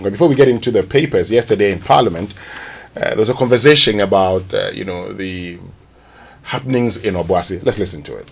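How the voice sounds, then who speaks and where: Low-voiced radio co-host man. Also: a little fast, creaky, breathy edge. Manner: patient, explanatory, teacherly. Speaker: radio morning show co-host. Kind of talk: casual studio chat, pronunciation segment. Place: radio studio.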